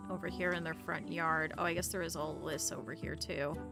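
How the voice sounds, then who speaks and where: A woman's voice: low voice, fairly even intonation, a little fast, vocal fry, over loud music. A woman streamer chatting casually to her viewers while playing, rambling into stories. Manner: chatty rambling storyteller, talks to chat. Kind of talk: casual game stream chat.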